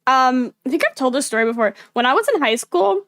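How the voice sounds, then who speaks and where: A young woman from the United States chats to her livestream viewers with a high, bright pitch. She rambles from thought to thought and laughs often. Her voice sounds dry and close, with no room echo. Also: animated, fairly quick. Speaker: livestream host. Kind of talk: casual livestream chat.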